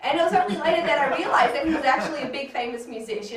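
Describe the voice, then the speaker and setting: A woman's voice: high-pitched, rapid-fire, crowd noise. A woman comic doing stand-up with dry, self-mocking jokes. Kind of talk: stand-up comedy. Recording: very echoey room, distant mic.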